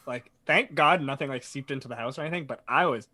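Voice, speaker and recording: A man co-hosting a podcast, telling an animated story in casual chat and swearing freely. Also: medium pitch, quick pace. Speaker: podcast co-host.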